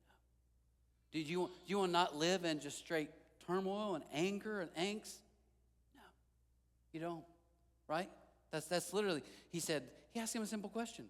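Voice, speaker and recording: Animated male pastor in a reverberant hall. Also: high-pitched, moderate pace, pauses often. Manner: animated storytelling, acting out quotes. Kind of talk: sermon. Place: large church hall.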